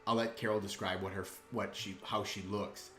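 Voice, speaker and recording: A man's voice: on the low side, level tone, brisk, echoey room. Laid-back, chuckling man running the game. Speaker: dungeon master. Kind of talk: narrating a tabletop game.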